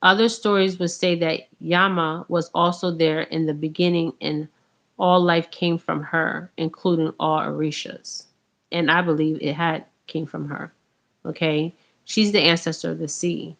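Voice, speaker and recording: This woman has a deep, fairly bright voice with vocal fry, little pitch movement, and a measured pace. In a casual talk to camera, the spiritual vlogger rambles about her path to "you guys," full of ums and a repeated "okay?"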